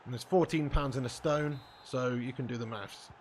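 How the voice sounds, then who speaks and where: A man's voice: mid-range voice, moderate pace, crowd noise. A man live-streaming a football game, bantering casually with his chat, reading out comments and swearing freely.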